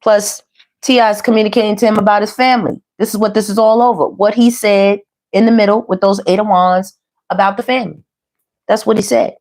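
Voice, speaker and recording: Woman tarot reader, chatty and slangy, middle pitch, talks straight to viewers. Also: fairly quick. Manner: chatty, animated, slangy, addresses viewers as y'all. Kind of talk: casual tarot reading monologue.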